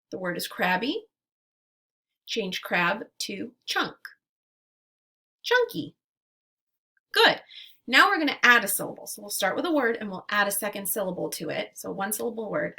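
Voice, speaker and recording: A woman teacher leading a phonics lesson for young children, speaking in clear drill prompts with pauses for the class to repeat. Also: medium pitch, sharp tone. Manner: slow, clear drill delivery with pauses for repetition.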